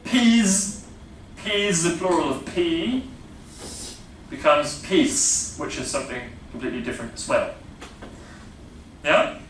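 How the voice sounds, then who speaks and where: A man's voice: fairly high pitch, takes it slowly, long pauses, a bit bright. Man, Dutch accent, classroom lecture, hesitant fillers, faint room hum, heard from afar. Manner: explanatory, hesitant with many fillers, checks in with "yeah?". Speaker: phonetics lecturer. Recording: echoey lecture room from a distance.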